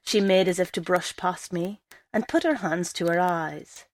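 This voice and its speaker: A woman reading a first-person story aloud in a measured storytelling way. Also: fairly low pitch, dry recording. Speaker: story reader.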